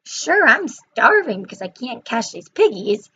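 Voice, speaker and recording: A woman's voice: fairly high pitch, big pitch swings, unhurried, bright, forceful tone, a little hiss or hum, full character voice. A woman voicing a hungry male wolf who gives casual, matter-of-fact advice, on a slightly muffled recording. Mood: weary.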